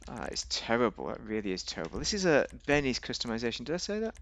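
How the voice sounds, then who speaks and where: Gravelly man rambling over gameplay. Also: big pitch swings, quick pace, fairly bright tone. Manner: rambling, chatty, jokey, talks to himself, sudden pitch jumps. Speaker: gaming video host. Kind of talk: casual gameplay commentary.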